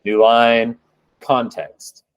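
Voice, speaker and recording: Male presenter, mid-pitched voice, dry close sound; relaxed, upbeat live demo with joking asides. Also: very slow, smooth, no room sound, rough recording. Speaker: presenter at a programming meetup.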